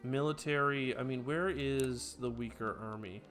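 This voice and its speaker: A man commentating his own strategy game playthrough, bursting into excited trash talk and then dropping to quiet mutters. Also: medium pitch, unhurried. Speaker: let's play gamer. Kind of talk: gameplay commentary. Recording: clear game music behind voice. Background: game background music.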